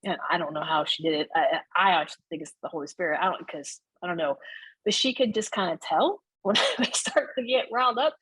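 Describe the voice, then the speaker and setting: A woman's voice: medium pitch, fast, slightly rough, no echo, rough recording. A woman telling her life story as an interview guest, candid and conversational, often tagging her sentences with "right?" and laughing between thoughts. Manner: animated, frequent "right?" tags and laughs. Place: Florida.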